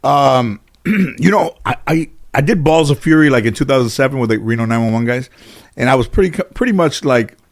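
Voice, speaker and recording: A man's voice: medium pitch, expressive, a little fast. A middle-aged American man, a comedian and actor, telling stories as an interview guest in a casual, rambling way, full of fillers and restarts.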